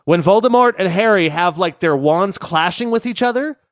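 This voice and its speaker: A man co-hosting a gaming podcast in casual chat, talking in an animated way and laughing easily. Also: high-pitched, normal speed, no echo, clean studio sound. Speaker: podcast co-host.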